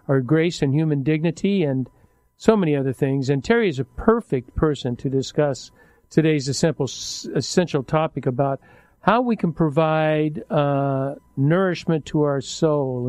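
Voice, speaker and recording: A man's voice: a little high, darkish tone, dry recording. Reflective older man hosting a radio talk show. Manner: halting, self-correcting, reflective. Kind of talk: casual interview chat.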